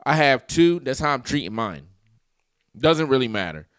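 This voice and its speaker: A man's voice: mid-range voice, big pitch swings, moderate pace, clean tone, no room sound, studio quality. A man hosting a casual reaction video, telling stories with lots of swearing and laughing at the clips.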